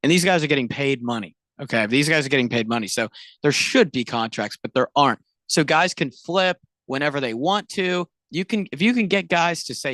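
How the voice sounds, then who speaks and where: A man's voice: mid-range voice, animated, brisk, fairly bright tone, no echo. Earnest male radio co-host. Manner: earnest, explains points step by step. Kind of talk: casual sports talk.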